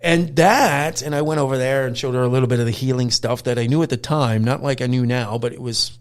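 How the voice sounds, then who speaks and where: A middle-aged man, hosting a podcast and telling a story in a casual, animated way, acting out quotes and swearing now and then. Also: mid-range voice, fairly quick. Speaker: podcast host, dog trainer.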